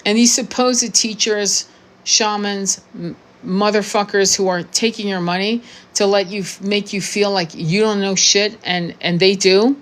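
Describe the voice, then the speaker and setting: Brief: woman, 60s, spiritual coach, blunt and profane, fired-up monologue, stumbles and restarts, mid-pitched voice. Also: fairly even intonation, unhurried. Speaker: tarot reader and spiritual coach. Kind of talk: unscripted monologue to camera.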